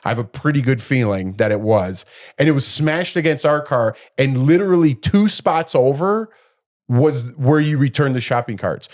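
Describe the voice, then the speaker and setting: A middle-aged man rambles through a story on a casual podcast, his voice at an ordinary middle pitch. He leaps higher and louder whenever he acts out what someone said, then drops back to an easy conversational tone. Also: moderate pace. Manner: animated, acts out quotes in a raised voice. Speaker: podcast co-host.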